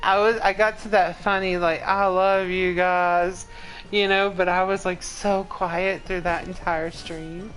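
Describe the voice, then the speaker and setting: A woman's voice: mid-range voice, little pitch movement, measured pace, hardly any pauses, a bit bright, faint music behind, rough recording. A woman in her forties telling rambling stories to a live chat as a game streamer. She laughs often mid-sentence and leans heavily on "like". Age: 40s. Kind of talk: casual storytelling to a live chat.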